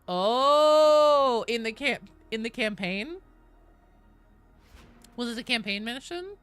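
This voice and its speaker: Woman, game streamer, bright, lively pitch, casual, swears, thanks viewers. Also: slow, clear, resonant tone, faint music behind.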